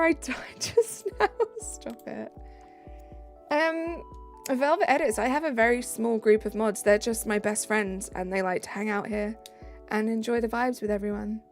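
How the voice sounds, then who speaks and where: Chatty British woman with a gravelly voice. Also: on the high side. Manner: chatty, reads out viewer comments. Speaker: live streamer. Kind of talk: casual live-stream chat. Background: faint background music.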